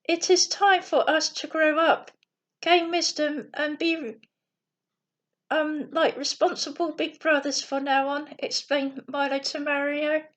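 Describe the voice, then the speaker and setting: A woman reading a bedtime story aloud slowly and carefully, with small slips. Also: high-pitched, fairly even intonation.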